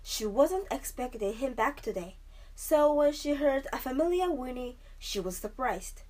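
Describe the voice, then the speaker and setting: Woman storyteller, fairly high voice, measured and expressive read-aloud.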